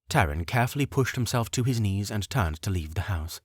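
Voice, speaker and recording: A man narrating an audiobook in an expressive, measured storytelling manner. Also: lowish voice, slightly rough, dry recording, clean studio sound. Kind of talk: scripted narration.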